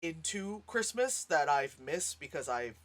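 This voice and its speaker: Animated woman reacting to a movie. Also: sits low, measured pace. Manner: animated, laughs often, acts out sounds and lines; frank, swears casually. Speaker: movie reviewer. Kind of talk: casual movie reaction commentary.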